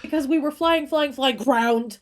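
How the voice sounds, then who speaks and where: A woman's voice: high voice, a little slow. A woman co-hosting a podcast in casual chat, playful and giggly. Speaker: podcast co-host.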